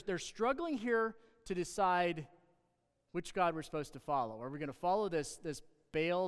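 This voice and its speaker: Animated man preaching in a reverberant hall. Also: fairly high pitch. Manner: animated, sarcastic asides, rising to loud emphasis. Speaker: pastor. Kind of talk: sermon with scripture reading.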